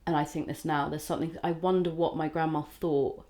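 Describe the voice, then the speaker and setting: Low-voiced woman comic, rambling. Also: a little fast. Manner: rambling, animated storytelling with swearing. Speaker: comedian guest. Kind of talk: casual podcast chat.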